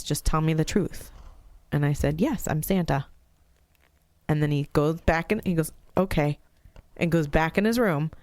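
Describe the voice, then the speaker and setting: A woman's voice: low-pitched, a little mellow, no room sound. A middle-aged woman, a podcast co-host, telling a family story in casual chat, acting out the voices of people she quotes and swearing freely.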